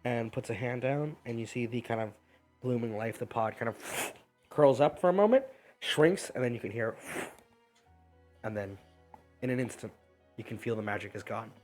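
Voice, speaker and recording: A man narrating a tabletop game as game master, in a relaxed, loose way with many fillers. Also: mid-range voice, moderate pace, long pauses, faint music behind.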